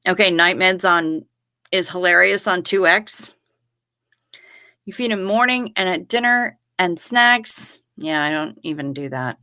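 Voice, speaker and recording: A woman's voice: on the low side, measured pace, bright, forceful tone. A woman hosting a live stream, chatting casually in a joking, profane way while reading viewer comments. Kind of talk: casual chat.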